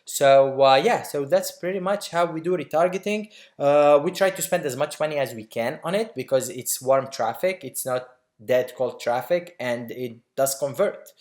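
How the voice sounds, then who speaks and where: A man's voice: a little high, darkish tone. Man casually explaining a screen-share tutorial. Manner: quick, loose explaining with many fillers and restarts. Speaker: online marketing instructor.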